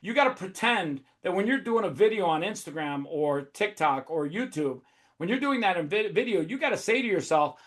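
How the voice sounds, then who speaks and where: A man hosting a webinar, talking in a profane, high-energy, emphatic way. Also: animated, normal speed, a bit bright. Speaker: host. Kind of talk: casual webinar talk.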